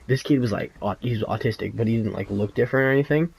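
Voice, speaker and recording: A man's voice: lowish voice, quick pace, creaky, slight background noise, low-quality recording. A teenage boy doing casual gameplay commentary, rambling through a story with lots of fillers, restarts and crude slang. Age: teens. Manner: crude slang, laughs often. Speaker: gaming YouTuber.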